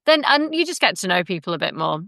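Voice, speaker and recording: A woman co-hosting a podcast, chatting casually with quick reactions and some teasing. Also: lowish voice, big pitch swings, creaky, sharp tone, no echo, clean studio sound. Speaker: podcast co-host. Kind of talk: casual chat.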